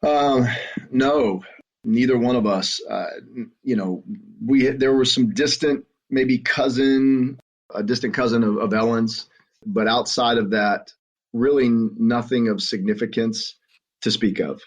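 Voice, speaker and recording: A middle-aged man with a Southern American accent, telling his story as a podcast guest in an earnest, halting way with frequent restarts. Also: medium pitch, fairly even intonation. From Southern United States. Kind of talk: conversational storytelling. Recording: muffled lo-fi audio.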